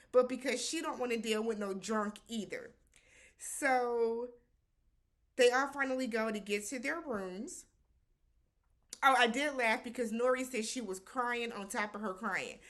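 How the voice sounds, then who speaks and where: A woman's voice: a little high, fairly bright tone. A woman hosting a casual reality-show recap, talking animatedly, slipping into quoted voices and slang.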